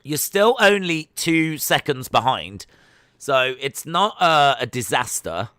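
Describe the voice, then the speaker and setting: Male streamer, sports reactions, clear and dry. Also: medium pitch, slow pace, dry recording. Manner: chatty, excitable, with frequent fillers. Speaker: livestream host. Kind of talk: live sports watch-along commentary.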